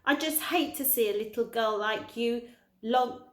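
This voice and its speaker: A woman's voice: on the high side, unhurried, lightly acted. A woman reading as a kindly old tramp. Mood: gentle, kindly. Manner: gentle, old-fashioned politeness. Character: kindly old male tramp, polite and wise. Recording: roomy echo.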